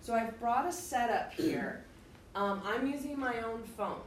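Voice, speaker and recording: A woman's voice: fairly high pitch, expressive, a little slow, a little hiss or hum. A woman teacher giving a direct, emphatic classroom lecture, explaining things to her students step by step. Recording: echoey room, faint ambience.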